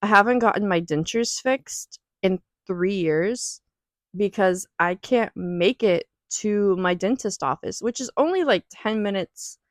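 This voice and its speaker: A woman's voice: mid-range voice, no echo. Woman, young adult, confessional vlog, emotional, rambling, near tears, dry close sound. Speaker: vlogger.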